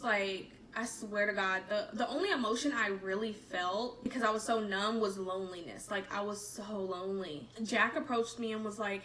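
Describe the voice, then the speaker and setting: Bright-voiced woman recounting a painful story. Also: medium pitch, far from the mic, poor audio. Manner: candid, halting, emotional. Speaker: woman telling her own story. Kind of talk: personal testimony to camera.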